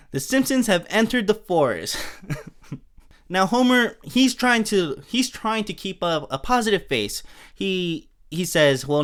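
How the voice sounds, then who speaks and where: A man's voice: a little high, a bit bright. Upbeat man casually recapping an episode. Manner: chatty and amused, often laughing. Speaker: podcast host.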